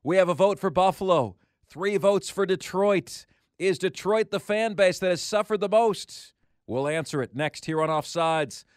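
A man hosting a sports talk radio show, energetic and animated. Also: high-pitched, moderate pace, clean tone, dry recording, clean studio sound. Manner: energetic, animated, laughs often. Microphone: studio microphone.

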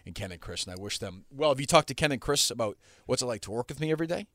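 A man's voice: mid-range voice, animated, very fast, fairly bright tone, no room sound. A man hosting a radio show from the studio, talking bluntly with a producer, teasing him and swearing freely. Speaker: radio host. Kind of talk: casual studio banter.

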